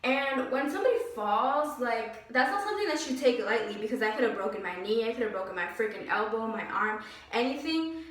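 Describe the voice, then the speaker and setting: A young woman telling a story in a casual vlog, animated and exasperated, full of "like"s and sighs. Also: on the high side, fairly quick, far from the mic. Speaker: vlogger. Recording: very echoey room, voice away from mic.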